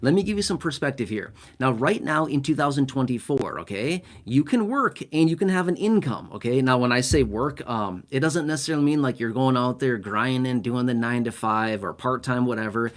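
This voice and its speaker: A man's voice: medium pitch, expressive, fairly quick, few pauses. A man hosting a casual explainer, chatty and digressive, often checking in with the listener. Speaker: YouTube host explaining disability benefits.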